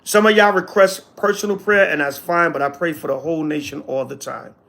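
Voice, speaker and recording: A man with a rather high, somewhat bright, creaky voice speaks fairly quickly with mostly even intonation. He acts as an elder to a livestream audience, casually teaching, reading the chat, and replying with slang and sarcasm.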